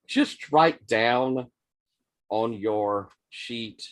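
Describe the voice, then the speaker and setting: A man running a tabletop role-playing game as game master, narrating in an unhurried, descriptive way and laughing now and then. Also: mid-range voice, lively intonation, fairly bright tone.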